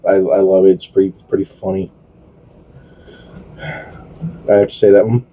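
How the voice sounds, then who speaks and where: A podcast co-host rambles through casual chat, swearing and piling on fillers and restarts. His voice is lowish and husky, and the sound is lo-fi.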